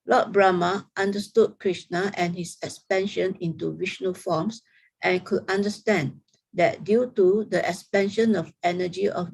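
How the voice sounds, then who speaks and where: A woman reading scripture aloud in a steady, careful way during an online study group, heard over a video call. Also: lowish voice, creaky, breathy edge, rough recording.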